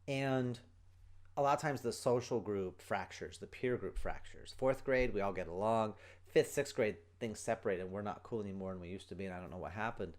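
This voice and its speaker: A man's voice: lowish voice, fairly quick. A middle-aged man hosting a solo parenting podcast, explaining earnestly and acting out quoted lines as he goes. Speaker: podcast host, parenting coach.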